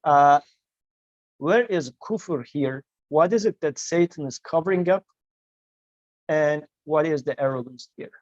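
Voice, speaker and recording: A man teaching a study session, quoting verses and translating them in a measured way. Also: fairly high pitch, dry recording, highs cut off. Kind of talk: explaining scripture to a student.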